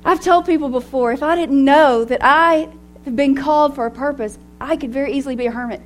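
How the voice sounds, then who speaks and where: High-voiced woman giving a lively devotional talk. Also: a little fast. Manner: animated and personal, laughing often. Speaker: women's ministry speaker.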